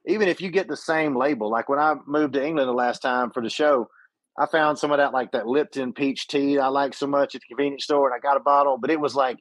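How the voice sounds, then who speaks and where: A man's voice: medium pitch, steady tone, fast talker, no echo, rough recording. A man from western Georgia, telling stories as a podcast co-host in casual chat. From western Georgia, USA.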